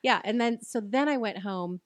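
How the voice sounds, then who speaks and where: A woman in her forties telling a personal story in a casual podcast chat, animated and laughing, acting out what people said. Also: mid-range voice, normal speed, dry recording, clean studio sound. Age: 40s. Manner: animated, laughing, acts out quoted voices. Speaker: guest.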